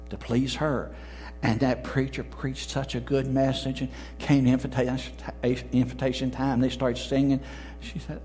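Male pastor, sermon, storytelling, emphatic peaks, mid pitch, faint music behind. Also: a little mellow. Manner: storytelling, quoting others in changed voices, rising to emphatic peaks. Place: church sanctuary.

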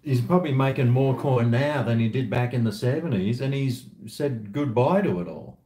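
A man's voice: medium pitch, moderate pace, warm tone. A man chatting casually and bluntly on a live stream, swearing freely and rambling between topics. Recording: echoey room.

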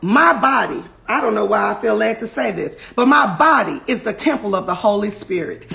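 Woman preacher, fast and fiery, gravelly with a forceful edge; suited to an online sermon read. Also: medium pitch, animated. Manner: fast, impassioned preaching, often shouting. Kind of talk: fervent online sermon and prayer.

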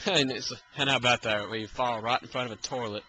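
A man's voice: medium pitch, fairly even intonation, brisk, bright, forceful tone, slight background noise, low-quality recording. A man giving live gameplay commentary, exasperated and repeatedly urging and taunting the enemy. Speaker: let's play gamer.

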